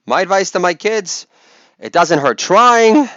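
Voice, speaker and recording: A man doing a stand-up comedy routine on stage, delivering crude rapid-fire one-liners and mock hype calls to the crowd. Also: sits high, animated, pushed and bright, no echo, dull audio.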